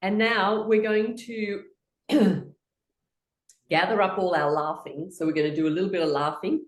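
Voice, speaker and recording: A woman's voice: medium pitch, fairly even intonation, normal speed, reverberant. A woman leading a guided laughter exercise, chanting rhythmic laughing sounds and giggling between her instructions. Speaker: laughter session leader.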